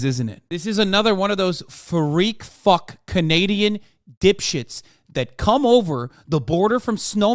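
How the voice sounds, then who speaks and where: A man with a voice that sits high, recorded dry with clean studio sound, hosts a live stream. He reads articles aloud in a fast, flat delivery of the quoted text and breaks into profane, sarcastic rants.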